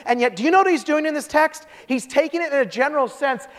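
A man preaching a sermon as pastor, telling stories in an animated way with quick restarts. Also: extremely high pitch, in a large hall.

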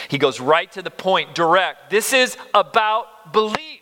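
A man in his fifties preaching a sermon, earnest and emphatic, moving between loud stress and near-whispers. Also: high-pitched, big pitch swings, measured pace, few pauses. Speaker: pastor. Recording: long reverb of a large hall.

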